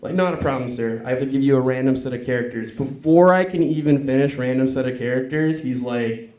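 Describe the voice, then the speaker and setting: A man performing a stand-up comedy set on a club stage, cursing and acting out callers in quick voices. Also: mid-range voice, a little mellow. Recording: echoey club with crowd. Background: audience laughing.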